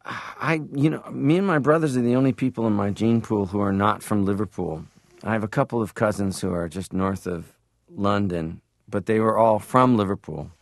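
A man's voice: fairly low pitch, moderate pace, no room sound, studio quality. A middle-aged man from Canada, a guest actor telling stories in an interview, now and then slipping into playful impressions. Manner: storytelling, slips into playful impressions. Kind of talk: reflective interview conversation.

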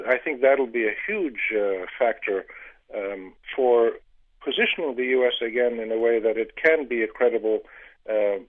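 A man, a newspaper editor, giving measured answers in a news radio phone interview, pausing often with fillers. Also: mid-range voice. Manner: measured, pauses with many fillers. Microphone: telephone. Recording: tinny phone line.

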